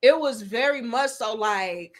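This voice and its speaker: Her pace a little slow, a woman in her thirties relates a story to the live chat of the online show she hosts. She speaks candidly and profanely, alternating between loud bursts and hushed asides.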